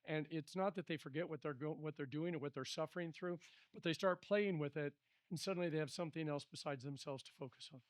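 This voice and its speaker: A man's voice: on the high side, quick pace, dry recording, studio quality. A middle-aged man, a pastor, leading a Bible study in a conversational, storytelling way.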